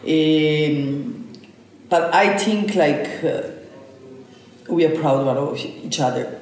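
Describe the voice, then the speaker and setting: Woman chef, low voice, chatty storyteller; roomy echo, mic a bit distant. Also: slow, slight background noise. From Slovenia. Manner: animated storytelling, frequent fillers. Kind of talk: conversational interview.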